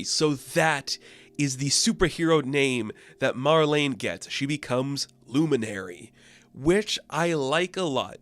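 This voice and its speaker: A man's voice: mid-range voice, animated, takes it slowly, fairly bright tone. A man reviewing a comic book in casual chat, enthusiastic and filling his talk with "like". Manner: enthusiastic, heavy use of "like".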